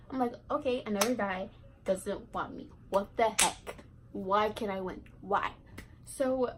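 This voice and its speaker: A woman's voice: on the high side, slight background noise, rough recording. A teenage girl telling a casual storytime vlog, chatty and full of fillers and asides. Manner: chatty, lots of fillers and self-interrupting asides. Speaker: vlogger.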